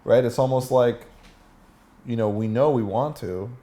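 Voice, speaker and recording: A man's voice: mid-range voice, unhurried, warm tone. A man teaching a seminar as a dating coach, asking the room questions and acting out example lines.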